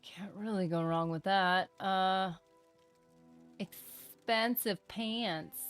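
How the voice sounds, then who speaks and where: A woman streaming a video game live, chatting casually, reading chat aloud and breaking into excited bursts. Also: medium pitch, extremely slow, soft background music. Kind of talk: live gameplay commentary.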